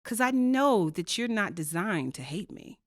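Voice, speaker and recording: Her mid-range voice is sing-song and a little slow as she reflects on her experiences as a guest on a podcast. A faculty member and diversity co-chair, she tells stories with earnest emphasis and rhetorical questions, recorded dry in clean studio sound.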